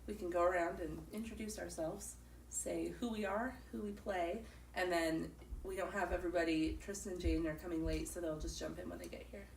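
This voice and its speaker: A woman's voice: fairly low pitch, steady tone, brisk, vocal fry, a little mellow, roomy sound. Woman host with a cold, chatty and giggly, distant mic with faint noise. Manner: chatty, laughs often. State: sick, congested. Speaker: podcast host and moderator. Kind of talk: casual chat.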